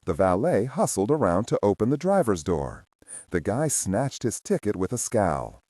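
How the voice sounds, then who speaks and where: A man narrating a spy thriller audiobook in a measured storytelling manner. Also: fairly low pitch, big pitch swings, dark tone, no echo, clean studio sound. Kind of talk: scripted narration.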